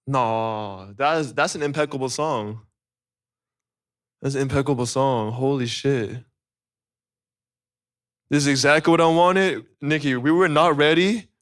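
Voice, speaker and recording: A man hosting a live stream, reacting to an album with excited, profane, joking chatter. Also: medium pitch, clean tone. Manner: excitable, profane, joking, rapid rating talk. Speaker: livestream host reacting to an album.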